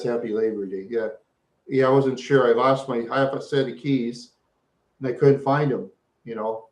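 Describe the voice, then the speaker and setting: Rambling live-stream host, a man who repeats lines over and over, medium pitch, roomy echo. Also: darkish tone. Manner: repetitive, rambling, talks to chat viewers. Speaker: livestream host.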